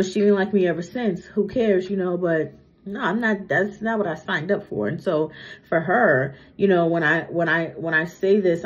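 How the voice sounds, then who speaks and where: A young adult woman doing a psychic reading in a casual monologue, chatty, tagging sentences with "right?" and "okay?", her speech a little slurred from a retainer. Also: on the low side. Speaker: psychic medium. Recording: muffled lo-fi recording.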